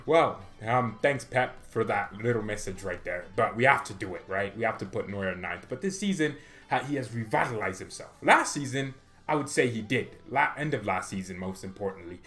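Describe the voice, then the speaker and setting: A man's voice: mid-range voice, lively intonation, normal speed, fairly bright tone, soft background music. A man hosting a fan channel, giving casual football commentary in a joking, rambling, slangy way.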